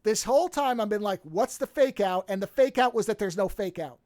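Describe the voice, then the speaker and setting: A man hosting a podcast in casual chat, retelling a movie plot with lively acted-out lines and frequent swearing. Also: high-pitched, brisk, no room sound, studio quality. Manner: animated storyteller, acts out movie characters, swears freely. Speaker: podcast host.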